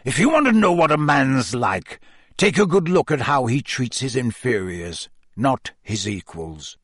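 A man's voice: very animated, a bit bright, dry recording, clean studio sound. A man doing a grim, brooding wizard fugitive. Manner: low, measured and bitter.

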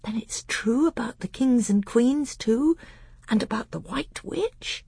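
A man voicing an eager, timid young boy prince in a breathy, half-whispered tone for an audiobook. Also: extremely high pitch, animated, unhurried, darkish tone, no room sound, clean studio sound, voice pushed up, heavily acted. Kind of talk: audiobook character voice.

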